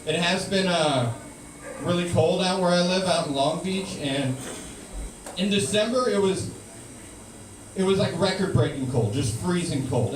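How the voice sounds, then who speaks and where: A man performs stand-up with a dry, ironic delivery, his voice sitting a bit high for a man. He is recorded from some way off in a reverberant club. A steady hiss runs underneath. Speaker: stand-up comedian. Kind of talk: stand-up set. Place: live comedy club. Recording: roomy, distant live room recording with noise.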